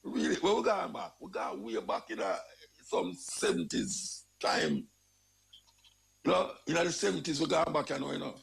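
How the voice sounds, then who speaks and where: Gravelly Jamaican man ranting. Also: fairly high pitch, moderate pace. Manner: animated, repetitive, emphatic ranting. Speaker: radio talk show host. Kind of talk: casual spoken commentary.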